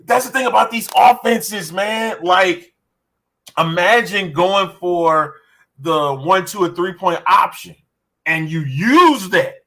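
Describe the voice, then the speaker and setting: A man co-hosting a casual sports podcast, rambling excitedly as he spins out ideas. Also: sits high, slow pace, gravelly. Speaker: podcast co-host.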